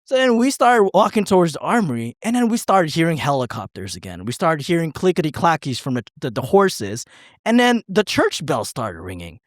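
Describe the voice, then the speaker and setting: This co-host talks briskly in a slightly high, very animated voice, telling a rambling podcast story full of swearing, laughter and acted-out quotes. The recording is dry and studio quality.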